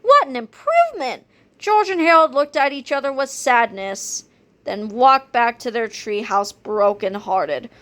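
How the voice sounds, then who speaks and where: A woman reading a children's chapter book aloud, with expressive, animated storytelling. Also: on the high side, unhurried. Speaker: read-aloud narrator.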